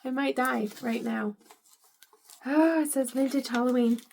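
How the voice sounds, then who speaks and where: A middle-aged woman talks unhurriedly through a casual home vlog, gushing over each gift she unwraps. Her voice sits a touch high with a gravelly fry. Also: measured pace, darkish tone, slight background noise. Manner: gushing, delighted, lots of "I love it". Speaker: vlogger unboxing gifts.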